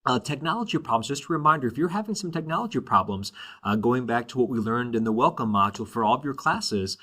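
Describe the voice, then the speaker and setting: A man's voice: medium pitch, lively intonation, fast talker, sharp tone. Upbeat male teacher, lots of fillers. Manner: upbeat, many fillers and "all right?" checks. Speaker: Spanish teacher. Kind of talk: recorded class introduction.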